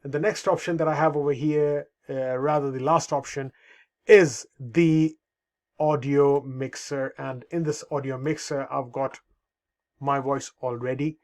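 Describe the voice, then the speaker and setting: Male tutorial presenter, screen walkthrough, slow pace, casual fillers. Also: medium pitch, steady tone, a little mellow. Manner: unhurried, many fillers, repeats "over here". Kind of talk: screen-recorded software walkthrough.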